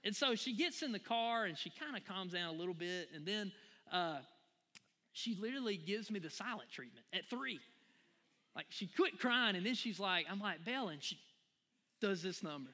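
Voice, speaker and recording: A man's voice: high voice, normal speed, big-room sound. A man, preaching a sermon and telling a folksy personal story to his congregation. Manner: animated, folksy, addresses the crowd as y'all. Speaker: pastor.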